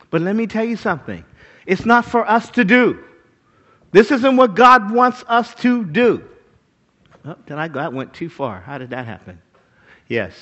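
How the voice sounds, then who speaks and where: A man preaching with a high, bright voice that rises and falls a great deal. He is emphatic and keeps asking his listeners to agree. The recording is dull and lo-fi. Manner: animated, emphatic, asks the crowd for agreement. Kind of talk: sermon.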